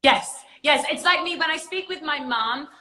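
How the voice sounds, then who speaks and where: A bright-voiced English woman hosts a casual livestream chat over a video call. She is bubbly and giggly and keeps saying "like" and "literally". The sound is roomy with a clear echo. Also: high-pitched, moderate pace. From England. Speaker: host.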